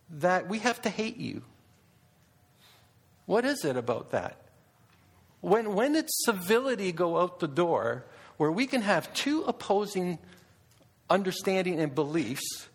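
A man giving a public talk to an audience, animated, full of rhetorical questions and restarts. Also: high-pitched. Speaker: speaker addressing an audience.

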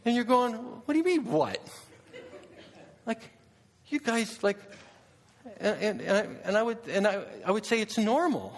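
A man giving a public talk to an audience, animated, full of rhetorical questions and restarts. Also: sits high, moderate pace. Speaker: speaker addressing an audience.

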